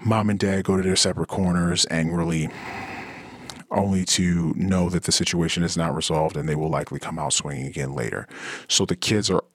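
A deep voice with a breathy edge, talking a little fast and with no echo, belongs to a man hosting a podcast. In his casual monologue he gets animated and acts out the people he quotes.

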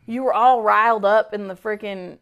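Her voice clear and resonant at a mid-range pitch and moderate pace, a woman co-hosts a podcast and tells a story in casual chat. She vents with exasperation, swears freely and acts out quoted lines with animation. The sound is lo-fi.

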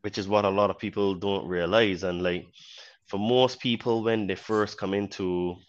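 A man from Barbados with a mixed Caribbean and British accent, a podcast guest talking in an earnest, measured way. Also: fairly low pitch, steady tone, highs cut off. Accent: Barbadian with British influence. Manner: earnest, measured, many you-knows. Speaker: podcast guest, fitness trainer. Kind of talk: casual interview talk.

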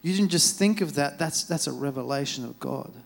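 A preacher voicing a gentle male teacher. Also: fairly high pitch, brisk, gravelly, pitched below the performer's own voice. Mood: affirming. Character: calm, gentle male teacher affirming a disciple.

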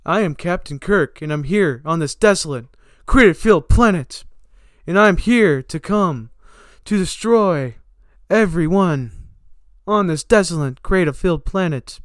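Man doing a cocky starship captain, pompous pauses, high smooth voice, dry sound. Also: lively intonation, no room sound.

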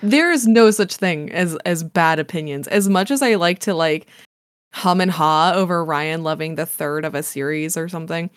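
A woman co-hosting a podcast, chatting casually and joking with quick laughs. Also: deep voice, no echo, studio quality. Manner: joking, animated, laughs often. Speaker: podcast co-host. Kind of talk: casual chat.

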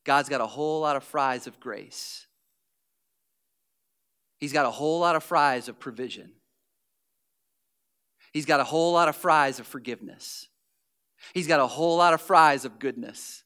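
High bright animated male pastor. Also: normal speed, long pauses, clear, resonant tone. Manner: animated, acts out scenes, drops to near whisper. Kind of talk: sermon.

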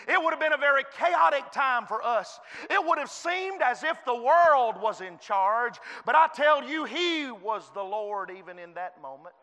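Guest preacher, man, very high bright voice, fervent delivery in a reverberant church. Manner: fervent, swings from soft to shouted. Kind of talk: sermon. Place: church sanctuary.

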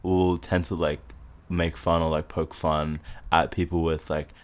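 A man hosting a podcast in casual chat, with a mixed Australian and British accent, relaxed and rambling with lots of filler words. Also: a bass voice, unhurried. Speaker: podcast host.

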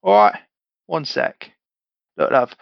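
A man playing a tabletop game, talking in character in a blunt, sweary, lively way. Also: medium pitch, takes it slowly, gravelly, no room sound, dull audio. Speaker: player.

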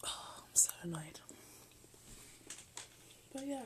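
A woman's voice: on the high side, lively intonation, slow, rough recording. A teenage girl chatting casually late at night in her bedroom, rambling and often dropping into half-whispers. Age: late teens. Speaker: vlogger.

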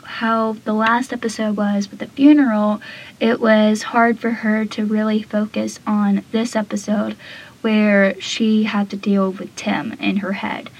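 A woman's voice: on the high side, slightly rough, low-quality recording. A woman casually recapping a TV episode, retelling scenes loosely and saying "like" and "I feel like" a lot. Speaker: show recap podcaster.

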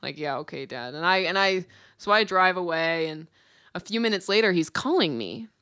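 A woman's voice: on the low side, lively intonation, normal speed, fairly bright tone. A woman co-hosting a casual chat show, telling candid, self-mocking stories and laughing often. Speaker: podcast co-host.

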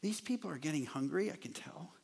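A man voicing an anxious male disciple in a hurried, hushed whispered role-play, recorded with echo from a large hall. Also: fairly high pitch, animated, natural voice. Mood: hushed worried.

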